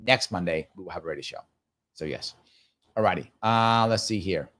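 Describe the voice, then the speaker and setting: A man in his fifties hosts a live stream, reading viewer comments aloud and answering them casually and musingly, often repeating his phrases. His voice is low-pitched and a bit bright, at normal speed.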